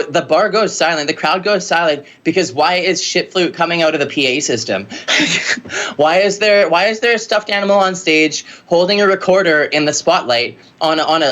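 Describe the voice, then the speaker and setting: A woman musician telling stories in a casual interview, rambling and lively with lots of filler words. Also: on the low side. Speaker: musician guest.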